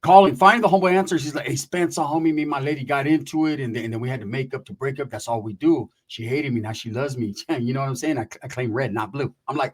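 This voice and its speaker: A man's voice: mid-range voice, fast, hardly any pauses. A man telling a long story in casual, profane slang, acting out the voices of the people he quotes.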